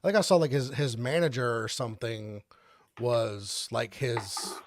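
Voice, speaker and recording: A man's voice: medium pitch, a little slow, background noise. A man co-hosting a casual film podcast, rambling with many fillers and restarts as he explains. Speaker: podcast co-host. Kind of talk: casual chat.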